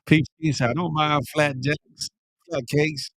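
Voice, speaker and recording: His voice leans high and a touch bright, with a steady tone and a slightly slow delivery. This middle-aged man hosts a morning livestream, reading comments from viewers in casual, slang-filled banter and laughing frequently. The studio sound is clean, without echo.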